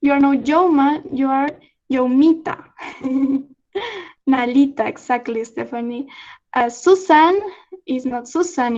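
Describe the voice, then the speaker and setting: A young Peruvian woman with a Spanish accent, teaching slang in an online lesson, halting with many fillers and frequent laughs. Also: sits high, a little mellow, dull audio. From Peru. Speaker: student exchange presenter. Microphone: video call.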